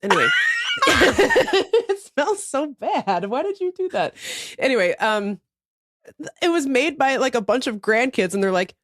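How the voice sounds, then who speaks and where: A high-pitched woman co-host in her thirties tells stories with big swoops in her voice, swearing and laughing as she goes. The sound is close and dry, with no room around it. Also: a little slow, no room sound. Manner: animated storytelling, swearing, laughing. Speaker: podcast co-host. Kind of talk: casual chat.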